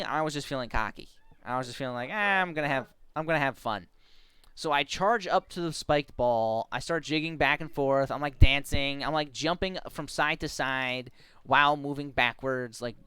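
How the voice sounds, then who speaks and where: Lively streamer storyteller, smooth voice, dry close mic. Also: mid-range voice, no echo. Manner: animated, laughing, acts out quotes. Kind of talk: casual storytelling on a live stream.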